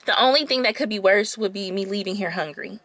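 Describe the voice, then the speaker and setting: A woman's voice: mid-range voice, fast talker, no room sound. Chatty woman telling a story. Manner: chatty, animated, talks straight to the viewers. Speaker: vlogger telling a dating story. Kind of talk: casual storytime chat.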